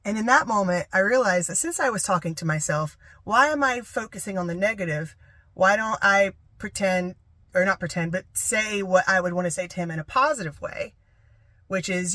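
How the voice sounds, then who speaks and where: A woman's voice: mid-range voice, moderate pace, sharp tone, no room sound. Candid young woman vlogging, dry sound. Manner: rambling, candid, confessional storytelling. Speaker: travel vlogger. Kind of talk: candid personal vlog. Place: living in a camper van.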